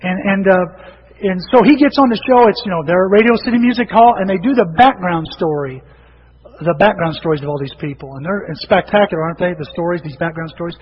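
Male pastor, middle-aged, high-pitched, conversational sermon, church hall reverb. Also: quick pace. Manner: conversational storytelling, acting out quoted people. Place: church sanctuary. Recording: dull reverberant hall recording with faint noise.

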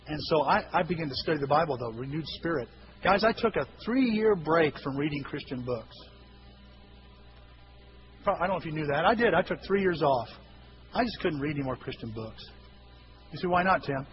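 Animated high-voiced pastor preaching. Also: male voice, fairly quick, long pauses. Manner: animated storytelling, acting out voices with shouts. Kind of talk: sermon. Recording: dull lo-fi recording with hiss.

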